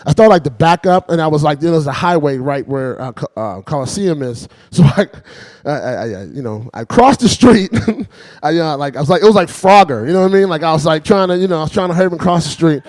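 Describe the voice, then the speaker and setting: Animated, chuckling stand-up comic man. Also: a little high, fast, dry recording. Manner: rambling, chuckles between lines, keeps saying "you know what I mean". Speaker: stand-up comedian. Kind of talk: stand-up routine.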